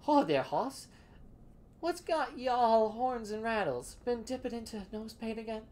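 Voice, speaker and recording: A woman's voice: a little high, lively intonation, unhurried, a little mellow, voice pushed up. A woman voicing a grizzled old Western cowboy sidekick who talks in a folksy frontier twang.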